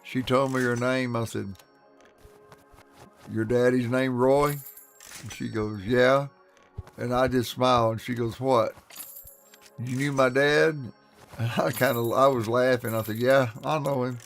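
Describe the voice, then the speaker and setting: Gravelly man spinning folksy yarns. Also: medium pitch, fairly even intonation, a little slow, long pauses, soft background music. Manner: folksy, laughs often, acts out his quotes. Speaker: streamer. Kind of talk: casual storytelling on a live stream.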